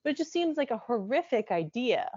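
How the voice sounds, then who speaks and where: A woman's voice: on the high side, very animated, brisk, darkish tone, slightly rough, no room sound, dull audio. A woman co-hosting a casual chat podcast, wry and often restarting her sentences. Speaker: podcast co-host. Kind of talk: casual chat over wine.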